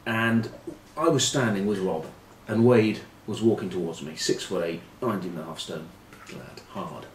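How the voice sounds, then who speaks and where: A middle-aged man with a lowish voice tells rugby anecdotes with dry, self-mocking humour, his voice often dropping into quiet asides. He is recorded in an echoey room with faint ambient noise behind him. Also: moderate pace. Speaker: rugby pundit. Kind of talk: anecdotal storytelling preview.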